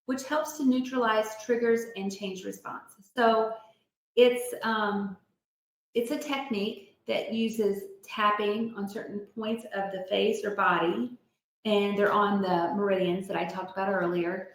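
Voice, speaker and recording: Woman with creaky voice in echoey room. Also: mid-range voice, fairly even intonation, a little slow. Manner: chatty, encouraging, many restarts and fillers. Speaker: support group leader. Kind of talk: online group talk, reading chat comments.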